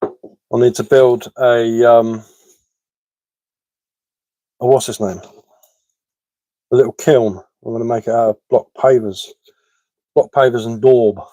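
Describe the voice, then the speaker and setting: Taking things slowly and pausing often, this man speaks with a steady, mellow, medium-pitched voice while hosting a live stream and answering viewer comments. He's a woodcarver from England whose accent combines West Sussex and London, and he is chatty and matter-of-fact, with plenty of ums and repeated words. There's no room sound, but the audio is poor.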